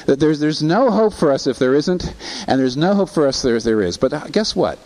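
A man's voice: a little high, sing-song, brisk, a little mellow, low-quality recording. A man preaching a sermon, asking rhetorical questions and quoting scripture, with rising intensity. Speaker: pastor.

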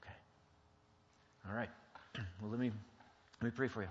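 A man's voice: medium pitch, steady tone, normal speed, pauses often. A man teaching an informal Christian marriage class, plain-spoken and quizzing the group with rhetorical questions. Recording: dull lo-fi sound with long reverb.

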